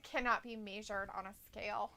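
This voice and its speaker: A woman's voice: mid-range voice, fairly even intonation, fairly quick, sharp tone. A young woman co-hosting a casual wrestling live stream, playful and bubbly, teasing her chat.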